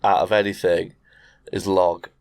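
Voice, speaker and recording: A man's voice: low voice, little pitch movement, unhurried, darkish tone, dry recording, studio quality. A middle-aged man co-hosting a casual podcast, laughing as he retells cartoon scenes and acts them out. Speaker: podcast co-host. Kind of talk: casual chat. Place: garage.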